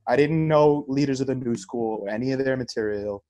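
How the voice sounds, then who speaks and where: A man's voice: medium pitch, a little fast, mellow. A man in his thirties, co-hosting a podcast, telling a story in casual chat and swearing freely. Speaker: podcast co-host.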